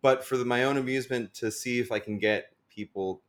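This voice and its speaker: A man's voice: medium pitch, fairly quick. A young man, a stand-up comedian, chatting casually on a podcast, rambling with lots of "like" and frequent laughter. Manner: rambling, heavy use of "like", laughs often.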